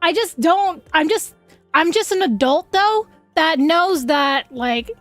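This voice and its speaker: A woman's voice: extremely high pitch, animated, slow, dry recording, faint music behind. A young adult woman streaming, chatting casually in a rambling, frank way and laughing often at her own jokes. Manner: rambling, giggly, frank, swears freely.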